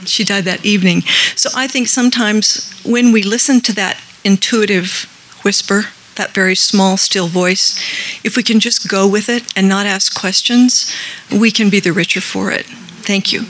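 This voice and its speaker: A middle-aged woman tells a personal story at a support group, heartfelt and unhurried. Her voice is bright and clear, and she slips into the voices of people she quotes. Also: mid-range voice, fairly even intonation, rough recording. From Colorado. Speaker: group member sharing. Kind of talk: personal share at a support meeting.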